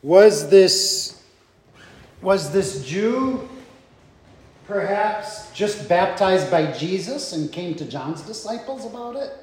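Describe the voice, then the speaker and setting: A man's voice: high voice, darkish tone. A man leading a Bible study group, thinking aloud with rhetorical questions and fillers.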